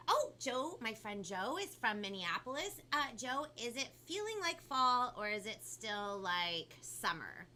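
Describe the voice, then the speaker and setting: A bubbly, fast-talking woman with a Californian Valley girl lilt hosts a children's live stream. Her voice is bright and forward. A faint hiss of background noise sits under the recording. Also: medium pitch. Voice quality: talks a lot and fast, bubbly. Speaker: kids' show host.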